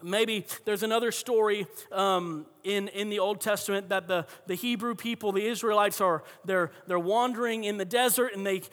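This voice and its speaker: A man's voice: sits high, fairly even intonation, moderate pace, hardly any pauses, a bit bright, long reverb tail. A man pastor preaching a sermon in a conversational, storytelling way, often restarting his sentences.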